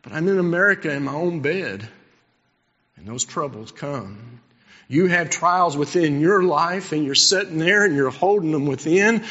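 A middle-aged pastor delivers a fervent sermon, his fairly high, bright voice rising to loud appeals and dropping to near-hushed asides. The sound is a bit dull and lingers in a reverberant church hall. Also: expressive, moderate pace. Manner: impassioned preaching, swinging from loud to hushed.

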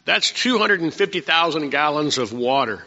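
A man's voice: fairly high pitch, animated, normal speed, pushed and bright. A man preaching a Bible-study sermon in a conversational way, asking the congregation questions as he goes. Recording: muffled sound with long hall reverb.

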